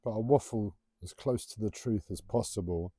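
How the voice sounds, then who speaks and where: A man talks on a solo livestream from home, drifting from one tangent to the next in a self-confessed waffle. His voice sits low and mellow, and he stumbles over his T's. The sound is dry and close, with no room echo. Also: normal speed. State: struggling to pronounce his T's. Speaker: livestream host. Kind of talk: rambling solo livestream talk.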